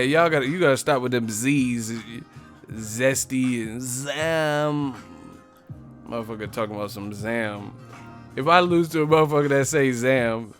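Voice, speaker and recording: A man's voice: mid-range voice, a bit bright. A man hosting a casual live stream, reading chat messages and mocking viewers, profane and laughing often. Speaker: boxing live stream host.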